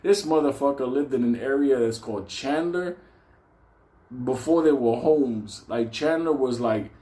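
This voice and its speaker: A man's voice: mid-range voice, a little slow. A man telling a comic personal story, swearing constantly and laughing often. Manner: profane, animated, laughs often. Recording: echoey room.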